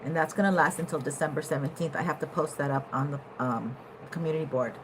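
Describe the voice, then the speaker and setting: A woman giving a casual tarot reading to her viewers, animated, at times laughing and jumping from quiet musing to loud excited bursts. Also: low-pitched, quick pace, background noise. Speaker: tarot reader.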